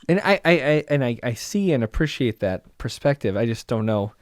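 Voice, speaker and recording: A man hosting a horror film podcast, chatting casually with lively restarts and stammers. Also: mid-range voice, fairly quick, dry recording, clean studio sound. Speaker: podcast host. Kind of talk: casual chat.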